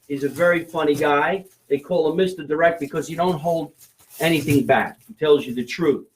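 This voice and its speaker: A comedy podcast host with a voice on the high side talks at normal speed on a casual talk show, recorded into a phone. He jokes around and plugs sponsors.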